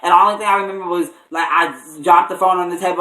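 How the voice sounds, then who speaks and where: Brief: young male vlogger, chatty and animated, voice bouncing around an echoey room from a distance. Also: high voice, fast talker. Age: young adult. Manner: animated, full of "like" and restarts. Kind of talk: casual storytime.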